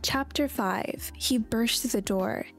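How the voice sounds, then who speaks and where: A woman's voice: a little high, slow. A young woman narrating a horror comic story, breaking off for casual, slangy commentary. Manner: casual, chatty asides with slang. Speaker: YouTube narrator. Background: faint background music.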